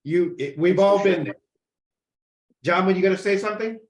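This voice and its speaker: A man's voice: high voice, moderate pace, roomy sound, slight background noise. A man leading a church class discussion, prompting others with short questions. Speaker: class leader.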